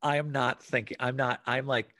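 Male co-host, talky and rambling, mid-pitched, dry close sound. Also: moderate pace, no echo. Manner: rambling, animated, swears casually. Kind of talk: casual chat.

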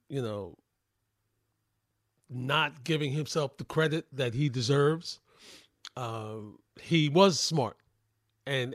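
A man's voice: mid-range voice, no room sound. Male sports talk host, 60s, chatty and meandering, dead-dry studio mic. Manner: rambling, full of fillers and restarts, admiring. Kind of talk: radio talk show monologue. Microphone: studio microphone.

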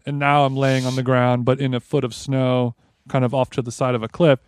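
A man co-hosting a podcast, telling a long story in casual chat, animated and rambling with frequent restarts, close on the mic. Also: mid-range voice, fairly quick, smooth, dry recording. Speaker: podcast co-host.

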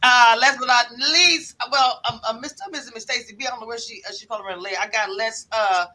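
A man hosting a live online panel, warmly and energetically introducing each guest in turn. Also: very high-pitched, fast. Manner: hyped, affectionate, introduces guests. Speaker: host.

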